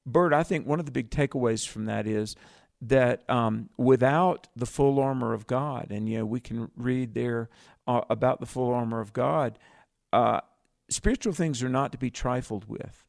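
Southern male co-host, gravelly, dry close mic, folksy Bible talk. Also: mid-range voice, moderate pace, a little mellow, dry recording. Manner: folksy, chuckling, repeats words. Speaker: radio co-host. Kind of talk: call-in Bible radio show.

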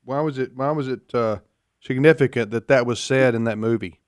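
A man's voice: medium pitch, normal speed, clear, resonant tone, no room sound, studio quality. A man hosting a call-in trivia radio show in a folksy manner, taking callers and reading out phone numbers. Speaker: radio host. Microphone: studio mic.

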